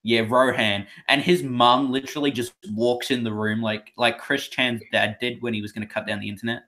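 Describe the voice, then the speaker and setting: A man's voice: mid-range voice, fairly even intonation, fairly quick, pushed and bright. Rambling young Australian man. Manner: rambling, many fillers and restarts. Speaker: podcast co-host. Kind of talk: casual chat.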